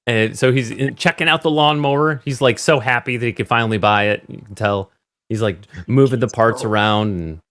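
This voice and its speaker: A man's voice: medium pitch, fairly quick, fairly bright tone. A man co-hosting a casual movie discussion podcast, retelling scenes with quoted voices and frequent laughter. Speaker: podcast co-host.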